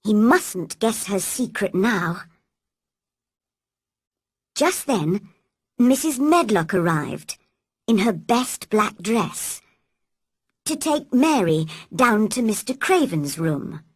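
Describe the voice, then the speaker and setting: A woman narrating a classic children's story slowly and clearly for English learners. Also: mid-range voice, very animated, no echo, studio quality.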